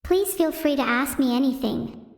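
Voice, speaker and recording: A woman's voice: sits high, normal speed. A synthetic female voice putting on a formal, polite AI assistant. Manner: formal, stiff. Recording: roomy with long reverb.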